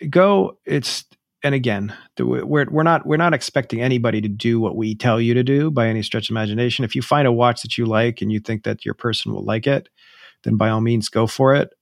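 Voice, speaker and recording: With a creaky, mid-range voice, this podcast co-host chats casually, wandering off track, frequently starting over and stretching his phrases out. The studio-quality recording has no echo.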